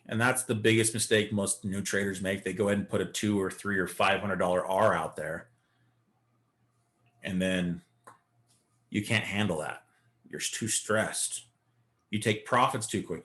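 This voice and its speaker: A man's voice: lowish voice, a bit bright. A man teaching a live beginner day-trading lesson, coaching and talking through chart examples. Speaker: trading instructor.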